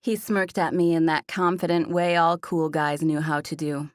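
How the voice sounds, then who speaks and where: A woman with a fairly low voice narrates a first-person romance audiobook in a smooth, even way. The recording is dry and close, with no room sound behind her. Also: normal speed, dry recording.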